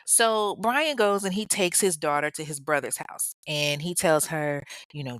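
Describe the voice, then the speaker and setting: A woman's voice: low voice, measured pace, hardly any pauses, a bit bright, clear, resonant tone, no echo, studio quality. A woman podcast host telling a true-crime story casually, with sassy, profane, humorous asides.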